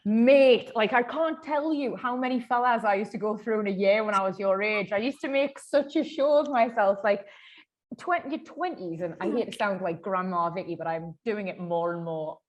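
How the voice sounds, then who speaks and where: A bubbly woman hosts a relaxed podcast chat. She swears freely and breaks into loud, high laughter. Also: moderate pace. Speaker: podcast host. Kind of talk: casual chat.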